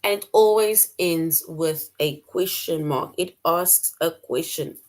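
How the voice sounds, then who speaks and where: A woman's voice: sits low, slow pace, darkish tone. A woman teaching a middle-school grammar lesson, repeating key points and explaining with examples.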